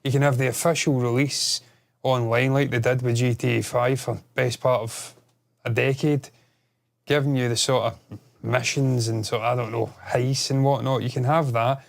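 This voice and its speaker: A man, co-hosting a casual gaming chat, animated and sweary, prone to rambling. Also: mid-range voice, moderate pace, gravelly. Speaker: podcast co-host.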